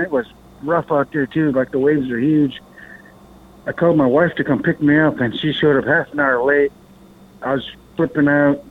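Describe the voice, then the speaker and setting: Man telling a story over a tinny line. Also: a little high. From Alaska. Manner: rambling, animated, swears, acts out others' lines. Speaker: podcast guest. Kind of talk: casual storytelling.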